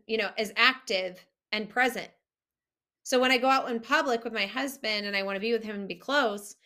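A woman's voice: fairly high pitch, bright, forceful tone. A woman coaching couples, talking earnestly and directly to the listener about healing a marriage. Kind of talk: direct-to-camera advice talk.

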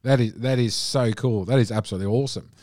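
A man's voice: mid-range voice, fast talker, dry recording, clean studio sound. Enthusiastic Australian male podcast host. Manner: enthusiastic, animated. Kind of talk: casual interview talk.

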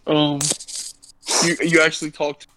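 A man's voice: a little high, monotone, normal speed, pushed and bright, a little hiss or hum, low-quality recording. A man co-hosting a casual podcast, cutting in with short questions and asides. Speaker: podcast co-host. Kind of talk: casual chat.

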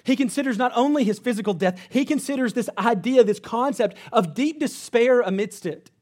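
A man pastor preaching a sermon in an earnest way, sometimes dropping to a low, quiet emphasis. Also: animated, normal speed.

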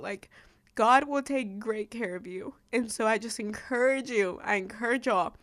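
A woman's voice: on the high side, normal speed, no echo. A woman hosting a faith-based podcast, speaking in an earnest, encouraging, heartfelt way into a studio microphone. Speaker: podcast host.

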